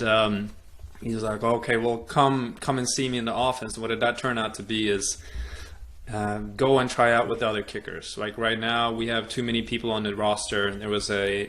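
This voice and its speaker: A man from Europe hosting a podcast, telling a personal story in an animated way and acting out the other people's lines. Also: lowish voice, a little hiss or hum. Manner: animated storyteller, acts out quoted dialogue, many fillers. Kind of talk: storytelling in casual conversation.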